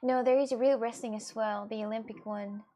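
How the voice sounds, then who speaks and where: A woman's voice: fairly high pitch, steady tone, moderate pace, warm tone. A woman with a chatting casually to her viewers, rambling and restarting with many fillers. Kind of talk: casual chat.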